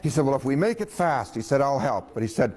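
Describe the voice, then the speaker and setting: A man's voice: mid-range voice, fast, husky. A man telling a personal story in a folksy way, chuckling and acting out what others said. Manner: folksy, chuckling, quoting others in lively voices.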